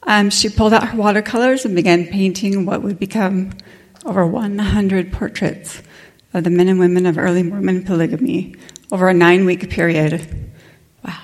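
A woman's voice: mid-range voice, steady tone. Breathless woman introducing a speaker. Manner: slightly halting, with small stumbles. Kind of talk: reading an introduction.

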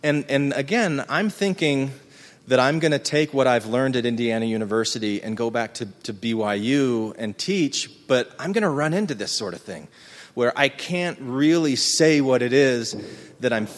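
Earnest middle-aged man in a reverberant hall. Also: medium pitch. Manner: earnest, halting, thinks aloud. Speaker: speaker recounting his folklore research. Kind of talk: reflective personal storytelling to a live audience.

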